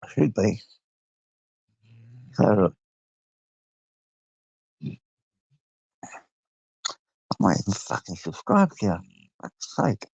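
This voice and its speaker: Gravelly older English man on a late-night stream. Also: on the low side, very animated, slow, long pauses, a little mellow, no room sound. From England. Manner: rambling, greets viewers by name, swears freely. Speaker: livestream host. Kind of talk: late-night livestream chat. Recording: dull lo-fi stream audio.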